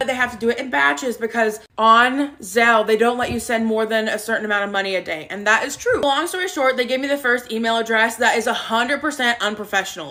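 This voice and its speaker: A woman vlogging an animated storytime, retelling events with exasperation and quoting herself. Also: fairly high pitch, quick pace, few pauses. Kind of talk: storytime vlog.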